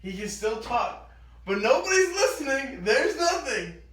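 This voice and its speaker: Man, casual storyteller, high voice, animated, echoey room. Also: unhurried. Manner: animated, acts out quoted lines. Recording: echoey room, mic at a distance.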